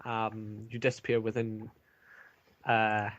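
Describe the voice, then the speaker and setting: A man narrating a tabletop game as game master, pausing often with ums and uhs. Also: fairly low pitch, monotone, a bit bright, no room sound, lo-fi sound. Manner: hesitant, many ums.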